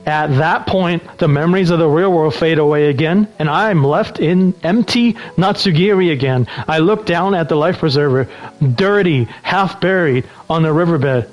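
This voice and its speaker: A man's voice: a little high, normal speed, dull audio. A man streaming, reading game text aloud and breaking off to chat casually with viewers. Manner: relaxed, breaks off to answer chat.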